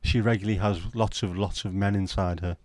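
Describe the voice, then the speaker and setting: A man's voice: low-pitched, fairly even intonation, fairly quick, no room sound. A middle-aged man hosting a casual late-night livestream, rambling and swearing as he bants with his chat from home. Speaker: livestream host.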